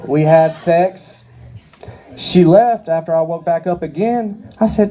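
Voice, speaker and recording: A man's voice: on the high side, slow, dark tone. A man performing stand-up comedy, telling crude, rambling stories. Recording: live comedy club crowd.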